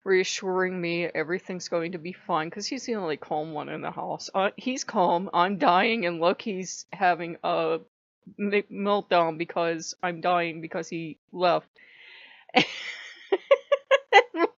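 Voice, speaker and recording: A woman's voice: on the low side, a little slow, no echo, muffled recording. A woman telling a personal story in a chatty vlog, often breaking into laughter. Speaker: channel host.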